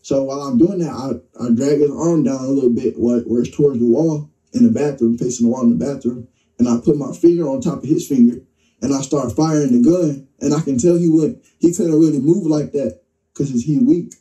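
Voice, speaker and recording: A man being interviewed recounts his story casually, using slang and performing the lines other people spoke. His medium-pitched voice runs a little fast, and the audio is poor, with the mic well away from him.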